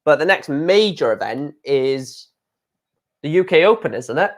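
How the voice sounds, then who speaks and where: A man's voice: on the high side, expressive, a little slow. A man, casually chatting on a live darts stream, reading out viewer comments in a blunt, frequently swearing way.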